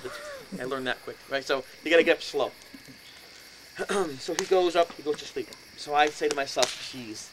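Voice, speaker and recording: A middle-aged man telling a story about a haunting to an audience, acting out quotes, dropping to whispers and rising to shouts. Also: a little high, a little hiss or hum, rough recording. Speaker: speaker telling a ghost story. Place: indoors, house.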